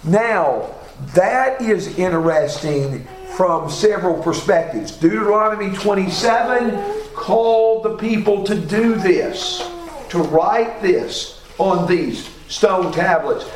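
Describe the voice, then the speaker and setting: Man teaching bible class, higher voice, talks slow, echoey room. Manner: reads scripture aloud, asks class questions, self-corrects. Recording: echoey room, faint background noise.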